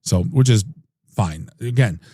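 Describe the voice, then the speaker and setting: Dark-voiced rambling male podcast host. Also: lowish voice, lively intonation, measured pace, breathy edge, dry recording, clean studio sound. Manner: rambling, restarts and trails off. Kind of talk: casual chat.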